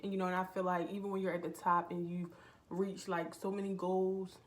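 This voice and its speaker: A woman's voice: on the low side, little pitch movement, brisk. Young woman talking openly in a vlog. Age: young adult. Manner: rambling and heartfelt, with many fillers. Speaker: vlogger. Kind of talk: casual confessional vlog chat. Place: indoors at a relative's home.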